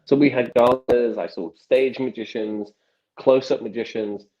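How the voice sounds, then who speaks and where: A man's voice: medium pitch, steady tone, measured pace, a little mellow, highs cut off. A man in his thirties, a magician guest, telling stories in casual interview chat with many restarts and acted quotes.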